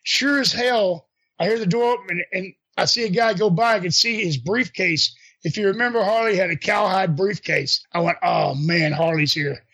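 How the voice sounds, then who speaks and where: An older man with a notably high, gravelly voice tells casual stories about his wrestling days at a normal speed. He slips into quoted dialogue and chuckles as he goes, keeping things animated and unpolished.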